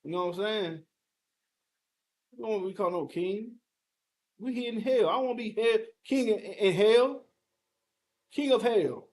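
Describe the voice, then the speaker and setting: A man with a notably high-pitched voice leads a heated scripture breakdown as a teacher. He speaks emphatically and confrontationally, pressing his listeners with rhetorical questions and the occasional curse. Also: moderate pace, long pauses, a little mellow.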